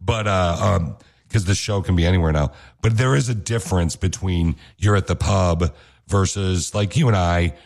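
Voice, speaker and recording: A man's voice: sits low, moderate pace, vocal fry, a little mellow. A man hosting a radio show, chatting casually and joking with his co-host. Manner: joking, teasing.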